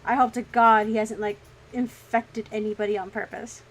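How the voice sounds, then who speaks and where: A woman's voice: fairly high pitch, normal speed, rough recording. Chatty, swearing woman streamer. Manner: animated, swears freely, laughs often. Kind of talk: casual storytelling chat.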